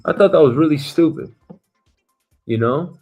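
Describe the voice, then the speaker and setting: A man hosting a casual news commentary show, talking bluntly and profanely with animated asides. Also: on the high side, moderate pace, faint music behind. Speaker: show host.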